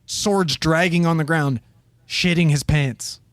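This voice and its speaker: A man's voice: fairly high pitch, slow, no room sound, studio quality. Swearing man telling a wild story. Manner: profane, animated, acts out quotes. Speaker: podcast co-host telling a story. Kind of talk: casual storytelling chat.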